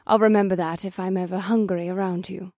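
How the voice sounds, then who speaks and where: A man voicing a playful, confident young woman adventurer in an audiobook, with a raised, gravelly voice. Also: high-pitched, level tone, a little fast, a little mellow, no room sound, studio quality, pitched above the performer's own voice. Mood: teasing. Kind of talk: audiobook character voice.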